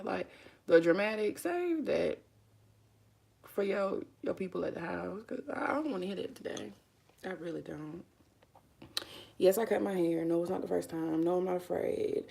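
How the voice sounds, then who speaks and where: A woman's voice: on the low side, sing-song, normal speed, creaky, long pauses, a little mellow, husky. A young woman, chatting casually to viewers while doing her makeup, calling them honey and y'all. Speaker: vlogger. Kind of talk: casual makeup vlog chat.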